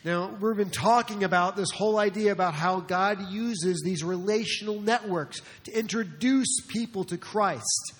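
A man's voice: high voice, normal speed, few pauses, in a large hall. A man from New Jersey preaching a sermon as a pastor, conversational with joking asides.

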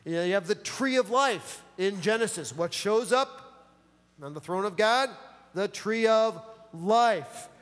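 A man's voice: high voice, lively intonation, a little slow, a bit bright, long reverb tail. A man preaching a sermon in a casual, enthusiastic, slangy way. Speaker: pastor.

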